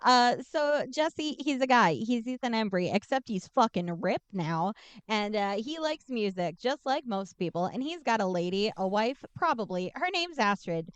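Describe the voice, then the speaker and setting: A woman co-hosting a podcast, giving a casual, irreverent, profane recap of a film and tossing off quick character voices. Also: on the high side, expressive, clear, resonant tone, no room sound. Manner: irreverent, swears freely, acts out characters in quick asides. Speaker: podcast co-host summarizing a film. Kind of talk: casual comedic movie recap.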